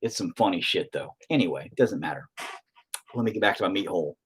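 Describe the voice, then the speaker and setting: Husky rambling Southern-tinged man. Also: deep voice, animated, fast. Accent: rural Southern US. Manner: rambling, profane, self-mocking. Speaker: painting video host. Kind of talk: casual chat while painting.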